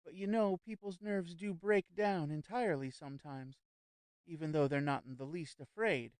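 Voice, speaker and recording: A man's voice: on the high side, normal speed, a little mellow, clean tone, dry recording, voice pushed up, lightly acted. A man voicing an anxious, fussy society lady who hesitates and stumbles over her words. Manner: nervous, hesitant, stammering repeats.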